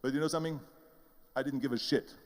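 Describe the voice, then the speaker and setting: A man's voice: mid-range voice, fairly even intonation, quick pace, long reverb tail, heavy background noise. An older man with an Austrian German accent giving an emphatic motivational speech, telling his story and acting out the voices of the people in it. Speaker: motivational speaker.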